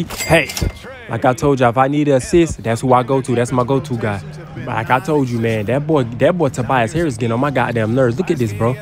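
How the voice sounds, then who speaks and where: A young man giving casual, excitable gameplay commentary, trash-talking and breaking into loud yells. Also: medium pitch. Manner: excitable trash talk, bursts into yelling. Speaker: gaming YouTuber.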